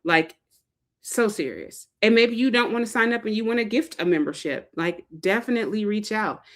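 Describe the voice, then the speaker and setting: A woman's voice: medium pitch, lively intonation, normal speed. A woman hosting a live fundraising stream, talking casually and animatedly, with lots of fillers and playful put-on quotes. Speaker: livestream host, fundraiser organizer. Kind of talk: casual livestream talk.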